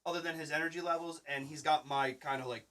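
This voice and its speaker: A man's voice: fairly high pitch, fairly even intonation, fast talker, a little hiss or hum. A man in his thirties hosting a casual podcast chat, rambling through stories and acting out what people said. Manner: rambling storyteller, acts out quotes loudly. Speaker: podcast host and Twitch streamer.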